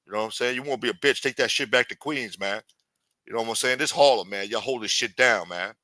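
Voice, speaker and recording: A man's voice: medium pitch, fast, bright, forceful tone, no room sound, natural voice. A man playing a threatening, profane street hustler in improvised comic role-play. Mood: menacing. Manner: profane, taunting, streetwise swagger. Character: menacing male street hustler, adult, threatening.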